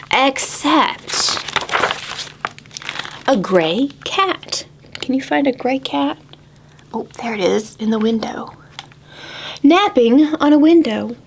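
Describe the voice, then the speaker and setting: A children's librarian with a voice on the high side reads a picture book aloud to preschoolers, expressive and animated, sometimes dropping to a whisper.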